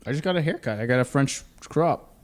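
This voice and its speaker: A man's voice: medium pitch, expressive, brisk. A young man from Canada, co-hosting a podcast in casual, joking chat and telling everyday stories. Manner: joking, tells stories with quoted voices. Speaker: podcast co-host.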